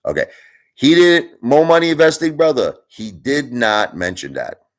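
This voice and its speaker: A man's voice: mid-range voice, sing-song. A man hosting his own channel, ranting at his viewers in a casual way, emphatic and argumentative, often asking "you understand?". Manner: argumentative, speeds up and slows down for emphasis. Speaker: channel host. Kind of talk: casual opinion rant to viewers.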